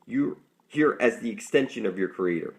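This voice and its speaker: A man's voice: fairly low pitch, animated, normal speed, gravelly. A man giving a rambling, intense, preachy monologue to his viewers, swearing often and calling them "people". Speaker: online conspiracy speaker.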